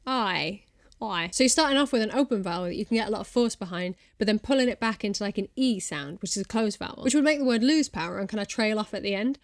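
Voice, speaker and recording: A woman's voice: mid-range voice, no room sound, studio quality. A young British woman vlogging, explaining things casually with playful asides and self-aware humor. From Britain. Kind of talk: casual explainer talking to camera.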